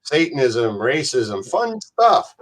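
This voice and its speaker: A man's voice: medium pitch, big pitch swings, takes it slowly, a bit bright. A man who is a podcast guest, telling rambling, profane stories in casual chat and slipping into voices.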